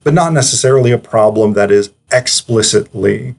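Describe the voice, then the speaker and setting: A man's voice: lowish voice, moderate pace, vocal fry. A man giving casual, analytical commentary as a film reviewer, chatty and digressive, with frequent hesitations.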